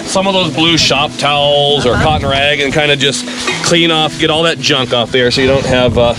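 A man hosting a casual cooking vlog, talking in a relaxed, folksy, chatty way. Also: on the high side, moderate pace. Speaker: host. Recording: music playing underneath.

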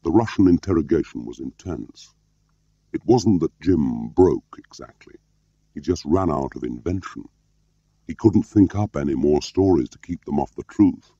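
A man reading an audiobook as narrator in a measured, steady way, in a slightly muffled, dry recording. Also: extremely low pitch, dry recording. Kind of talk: scripted narration.

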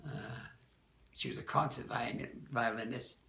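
An older man, a dance teacher, recalling people from the past in a rambling, halting way, often correcting himself. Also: mid-range voice, steady tone, vocal fry, sharp tone, reverberant. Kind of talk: oral-history reminiscence.

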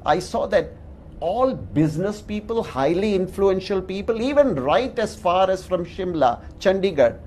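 A man's voice: high voice, a little mellow, a little hiss or hum. A man, a pastor preaching a sermon and telling stories with chuckles at his own anecdotes.

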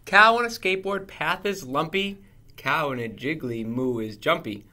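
A man reading a children's picture book aloud in a playful, animated way. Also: on the high side, a little slow. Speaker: storybook reader.

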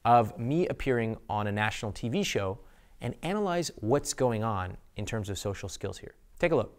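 In a studio, a man hosts an instructional talk to camera, speaking expressively and slowing down on purpose to make his points. His voice is lowish and animated.

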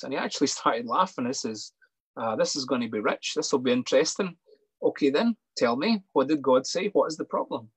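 A man shares a personal testimony in an earnest, halting way, full of small pauses and restarts. His voice has a slightly husky edge, recorded close and dry with no room sound. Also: mid-range voice, dry recording, poor audio. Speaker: sports psychologist.

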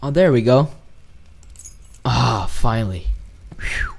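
Man, gaming host, let's play commentary, excitable and jumpy, startled yelps, middle pitch. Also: takes it slowly, creaky, slight background noise.

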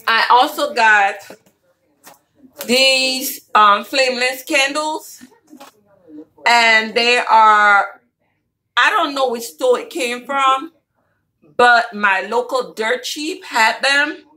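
A woman's voice: fairly high pitch, drawn-out words, long pauses, pushed and bright, low-quality recording. A woman vlogger chatting casually and playfully to her viewers while showing a shopping haul.

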